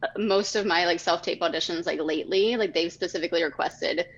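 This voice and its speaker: A woman's voice: lowish voice, fairly quick. A woman in casual chat, her speech full of "like" fillers. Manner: heavy use of "like" fillers. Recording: dull lo-fi audio.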